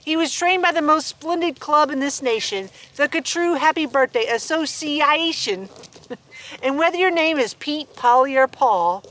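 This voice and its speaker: A woman's voice: high voice, animated, a little slow, a bit bright. A woman reading a rhyming picture book aloud to her farm animals outdoors, playful and laughing between verses. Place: outdoors on a farm with sheep and dogs.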